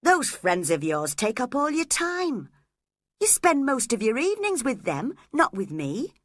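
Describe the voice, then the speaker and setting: A woman's voice: on the high side, huge pitch swings, unhurried, no echo, studio quality, pitched above the performer's own voice, full character voice. A woman voicing a brooding, jealous young man in a read-aloud story, speaking resentfully. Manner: resentful, complaining.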